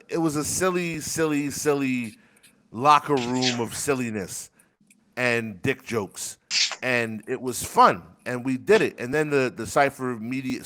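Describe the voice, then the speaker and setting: A man's voice: medium pitch, a bit bright. A man rambling in casual chat on a desk microphone, crude and laughing often, telling stories about his rap community. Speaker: rapper and community member.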